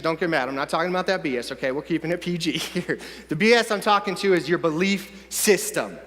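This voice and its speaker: A man giving an energetic, punchy motivational speech to a young audience in a large conference hall. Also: high-pitched. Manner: energetic, punchy, addressing the crowd directly. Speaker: motivational speaker.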